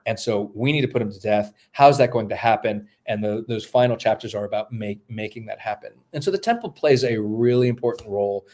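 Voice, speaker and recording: A man's voice: fairly low pitch, animated, a little fast, hardly any pauses, darkish tone. A male New Testament scholar, a podcast guest, explaining texts step by step while thinking aloud with many fillers and restarts. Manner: lecturing, walks through texts step by step.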